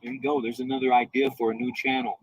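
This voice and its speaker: A man doing a mocking, high-pitched impression of a rival male streamer, taunting and sing-song with a gravelly edge. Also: flat delivery, fast talker, low-quality recording.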